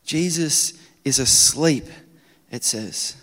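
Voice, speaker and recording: Man, preacher, sermon, high voice, dramatic loud-to-hushed swings, long hall reverb. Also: takes it slowly.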